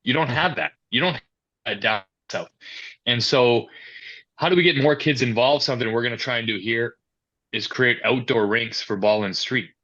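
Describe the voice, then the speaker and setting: In a dull, lo-fi recording, a medium-pitched man talking at a moderate pace answers interview questions as a youth and amateur hockey coordinator. His replies turn into stories, with other people's words performed in lively asides.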